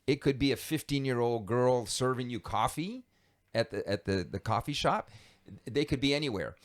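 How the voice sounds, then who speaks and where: Lively man recounting a story. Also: mid-range voice, normal speed. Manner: animated, lively storyteller who laughs easily. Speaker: guest telling his life story. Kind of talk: conversational storytelling.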